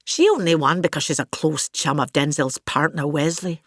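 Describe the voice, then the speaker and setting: A woman's voice: sits low, moderate pace, no room sound, clean studio sound. A woman with a Scottish accent playing a vain, grandiose older actress in a scripted comic monologue, pompous and gossipy. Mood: grand.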